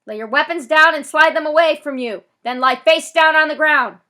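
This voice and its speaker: A woman voicing a booming police loudspeaker man. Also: moderate pace. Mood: commanding. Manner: loud, commanding. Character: booming stern male police officer on a loudspeaker.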